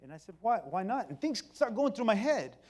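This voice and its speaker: Animated man telling a life story. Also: a little fast. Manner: animated, swings between loud excited bursts and quiet low passages. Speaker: company speaker. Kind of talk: personal storytelling talk. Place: stage before an audience.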